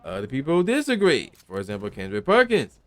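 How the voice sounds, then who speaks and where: Speaking at medium pitch and a little fast, a young man running a gaming channel delivers a casual opinion rant. He's animated, emphatic, and slangy, occasionally acting out quoted people.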